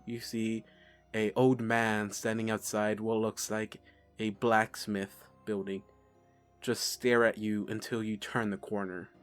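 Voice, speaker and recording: A man narrating as game master of a tabletop game, halting and unhurried. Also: lowish voice, flat delivery, soft background music.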